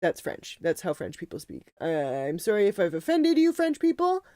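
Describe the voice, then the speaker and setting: Chatty canadian lady on a game stream, mellow voice, jokes at herself, swears a bit. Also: lowish voice, big pitch swings, moderate pace, no echo. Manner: chatty, self-mocking, swears, laughs often. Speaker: livestream co-host. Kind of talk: casual gaming stream chat.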